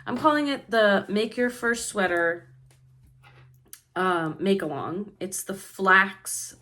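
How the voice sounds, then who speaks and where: A woman's voice: mid-range voice, takes it slowly, pushed and bright. A woman, chatting casually to viewers about her crafting plans, rambling with lots of fillers and restarts. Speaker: yarn shop owner and crafting vlogger. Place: indoors at home.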